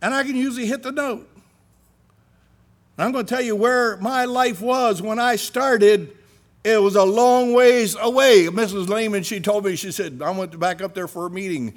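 A middle-aged man preaching a sermon, animated, swinging between loud emphasis and hushed asides. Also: high voice, moderate pace.

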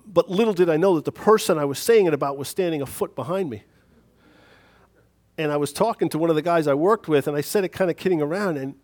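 A man's voice: on the high side, a little mellow. Man preaching a chatty sermon. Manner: conversational, self-deprecating, chuckles at himself. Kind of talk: sermon with personal story.

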